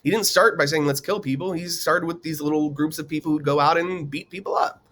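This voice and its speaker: A man's voice: on the high side, steady tone, fairly quick, a bit bright, slight background noise. A man teaching in a casual, conversational way, with many fillers and questions put to the viewer. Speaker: teacher explaining a political topic. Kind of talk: casual explainer lecture.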